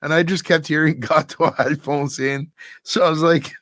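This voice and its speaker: A man hosting a podcast in casual chat, telling an animated story and laughing often. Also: on the high side, moderate pace, dry recording. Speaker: podcast host.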